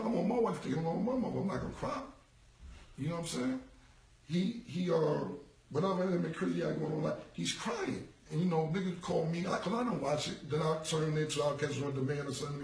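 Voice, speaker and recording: A man's voice: fairly high pitch, creaky, roomy sound, distant mic, low-quality recording. A man in his forties in a casual livestream monologue, rambling and repeating himself in street slang. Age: 40s. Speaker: rapper. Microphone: phone.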